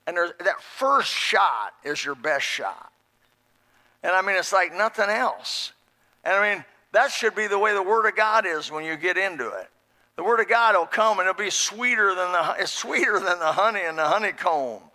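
Bright, high-pitched preacher man, folksy. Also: animated, normal speed. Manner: folksy, emphatic preaching with repetition. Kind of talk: sermon.

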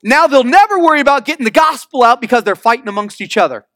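A sly, triumphant devil gloats, as a male preacher puts him on. The voice is very high and dry. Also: lively intonation, fast talker, fairly bright tone, no echo. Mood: gloating.

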